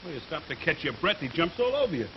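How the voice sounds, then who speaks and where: A man's voice: a little high, big pitch swings, fast talker. A hesitant, easily led workman. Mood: griping. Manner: hesitant, stammering. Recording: muffled 1950s television recording.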